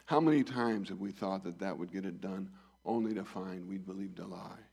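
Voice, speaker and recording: A man preaching a sermon, reading scripture and voicing the dialogue, rising loud then dropping soft. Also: low-pitched, moderate pace, vocal fry, slightly rough. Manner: reads scripture and acts out the dialogue, swells and drops in volume.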